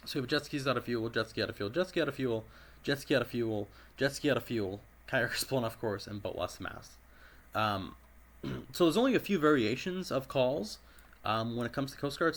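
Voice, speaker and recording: A man with a raspy voice giving casual commentary over a dispatch game, clearing his throat often as he methodically works through each call. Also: medium pitch. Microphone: personal desk microphone.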